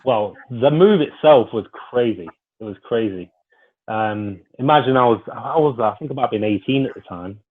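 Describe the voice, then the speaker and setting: A man, a former footballer being interviewed, telling lively stories and acting out what others said to him. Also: mid-range voice, normal speed. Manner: lively anecdotal storyteller, acts out dialogue. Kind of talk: casual storytelling interview. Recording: tinny phone-like line.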